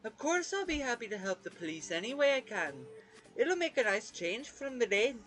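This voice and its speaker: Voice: medium pitch, sing-song, moderate pace, a bit bright, soft background music, voice pushed up, poor audio. A streamer voicing a humble old cemetery gatekeeper in a put-on Scottish-Irish lilt, fussy and polite. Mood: chatty.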